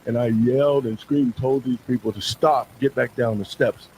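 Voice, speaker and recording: Male guest, mellow, emphatic, repeats himself when heated. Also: medium pitch, steady tone, normal speed, a little hiss or hum, poor audio. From Bakersfield, California. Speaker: show guest. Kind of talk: casual talk-show conversation.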